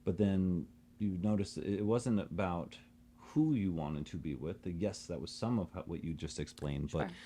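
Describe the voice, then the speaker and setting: Guy cohosting a podcast, super deep and warm voice, teasing jokey questions, faint hum behind. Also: normal speed. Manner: teasing, joking asides and probing questions. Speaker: podcast co-host. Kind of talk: casual conversational podcast.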